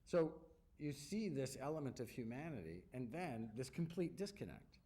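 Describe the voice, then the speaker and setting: A middle-aged man, an actor, answering audience questions on stage with animated, self-deprecating storytelling. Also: mid-range voice, moderate pace. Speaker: actor at festival Q&A. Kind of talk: onstage Q&A answers.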